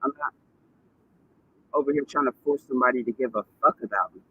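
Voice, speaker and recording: A man's voice: mid-range voice, quick pace, phone-quality sound, a little hiss or hum. A man ranting on a vlog, cursing and repeating himself in indignant bursts. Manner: profane, indignant, repetitive ranting. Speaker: vlogger.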